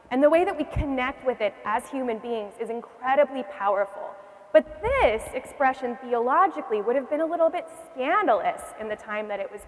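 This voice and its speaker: High-voiced woman teaching a class. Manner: engaging, asks the class questions and repeats their answers. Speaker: church history teacher. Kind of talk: classroom lecture. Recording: long reverb in a hall.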